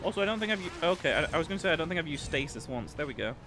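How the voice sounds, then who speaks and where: A British man livestreaming a game rambles casually and chattily, filling his talk with fillers. His slightly high voice is sing-song and racing.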